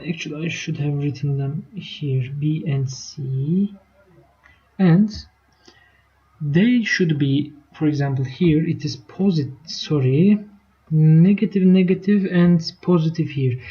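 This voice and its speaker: A woman's voice: sits low, slow. A woman teaching a live online math lesson, explaining step by step and checking in with her students. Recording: dull lo-fi stream audio.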